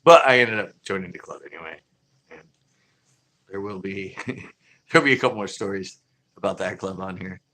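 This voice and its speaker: A man's voice: deep voice, moderate pace, long pauses, pushed and bright, rough recording. A man casually telling stories from his fishing tournaments, laid-back and often laughing as he acts out other people's lines. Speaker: fishing channel host. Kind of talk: casual storytelling.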